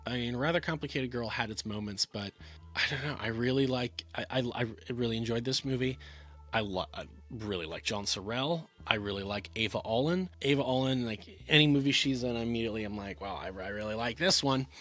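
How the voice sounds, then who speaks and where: A man's voice: mid-range voice, brisk, fairly bright tone, soft background music. A man giving a casual talking-head film review, rambling, with many fillers and restarts.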